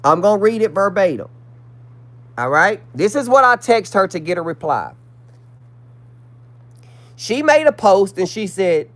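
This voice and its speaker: High-voiced indignant man on a livestream. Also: lively intonation, normal speed, long pauses, a bit bright. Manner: indignant, reads messages aloud to viewers. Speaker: livestream host. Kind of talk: casual livestream commentary.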